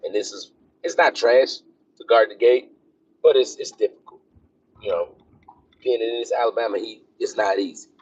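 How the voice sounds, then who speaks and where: A military officer talks at normal speed but pauses often, his medium-pitched voice darkish and slightly rough. He's driving onto a base and chatting in a casual, rambling vlog manner full of fillers, in dull lo-fi audio.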